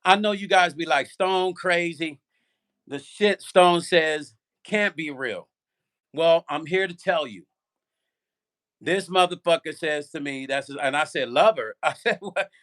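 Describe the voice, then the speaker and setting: An older man hosting a vlog, telling a story straight to his viewers in an animated, profane way. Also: fairly high pitch, unhurried. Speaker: vlog host. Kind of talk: casual livestream storytelling.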